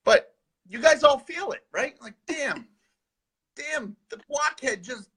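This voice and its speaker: A man co-hosting a live spiritual advice stream, chatting in an animated, sarcastic, rambling way. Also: very high-pitched, takes it slowly. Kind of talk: casual live-stream chat.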